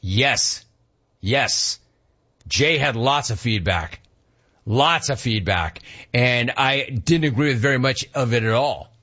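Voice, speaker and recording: Husky-voiced sports radio host man. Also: mid-range voice, takes it slowly, highs cut off. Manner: animated storyteller, acts out dialogue. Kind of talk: casual listener Q&A.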